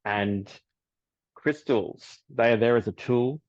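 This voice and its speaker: A man, a psychic medium, telling stories in a relaxed podcast chat and laughing often. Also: medium pitch, slow pace. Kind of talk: casual podcast interview. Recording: dull lo-fi audio.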